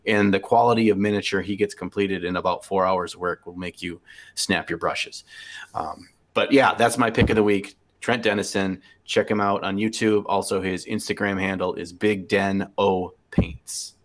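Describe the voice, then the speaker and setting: A man's voice: deep voice, fairly even intonation, normal speed. A man guest on a podcast, telling a story in an easygoing way and laughing often. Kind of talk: casual chat.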